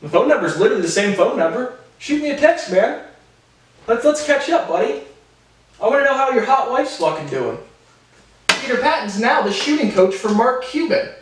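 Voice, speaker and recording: A man in his twenties giving a rambling, profane personal monologue to camera, jumping between animated tangents. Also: extremely high pitch. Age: 20s. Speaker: vlogger. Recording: very echoey room, voice far from mic.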